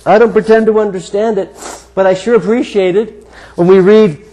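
A man preaching a sermon, telling a personal story in an earnest way with emphatic pauses. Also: high voice, steady tone, warm tone, rough recording. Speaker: guest preacher.

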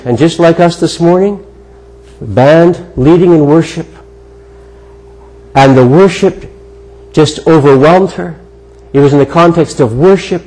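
A man preaching a sermon, telling a personal story in an earnest way with emphatic pauses. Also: fairly high pitch, mellow, rough recording. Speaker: guest preacher.

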